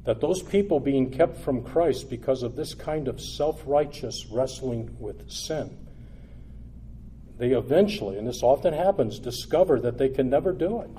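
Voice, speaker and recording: A man preaching a sermon in an earnest, exhortative way, building to loud emphatic peaks and then dropping low and quiet. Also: animated, moderate pace, a little hiss or hum.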